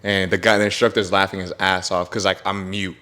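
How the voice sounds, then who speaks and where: A young man hosting a podcast, telling an excited story in casual chat, swearing and laughing often. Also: low voice, brisk. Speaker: podcast host.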